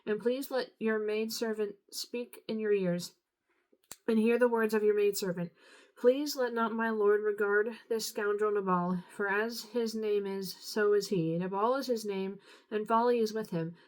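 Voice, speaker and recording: A tired woman reading scripture aloud, unhurried, now and then stumbling and apologizing. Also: mid-range voice, steady tone, poor audio. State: tired, yawning. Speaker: Bible reader.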